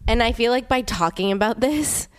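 A young woman chatting casually as a podcast host, telling a story with many fillers and sudden high exclamations. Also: normal speed, clean tone, dry recording. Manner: animated storytelling with many "like" fillers, leaps in pitch when exclaiming. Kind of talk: casual chat.

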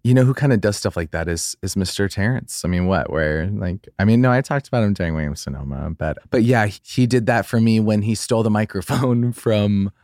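A man's voice: a little fast, hardly any pauses, no echo, studio quality. A man co-hosting a podcast who is effusive and gushing in casual chat, and says he is sick. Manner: effusive, gushing, swoops high when excited. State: has a cold. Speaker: podcast co-host.

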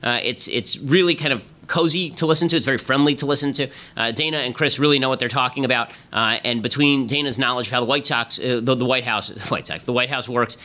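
A man's voice: medium pitch, pushed and bright. A man hosting a political commentary podcast, emphatic and opinionated. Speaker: podcast host.

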